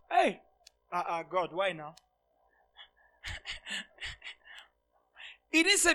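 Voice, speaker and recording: Preaching slowly and pausing often, a man whose voice sits very high for a male delivers a sermon with wide pitch swings. He sounds bright and forceful and repeats phrases for emphasis, moving between booming shouts and soft, personal asides.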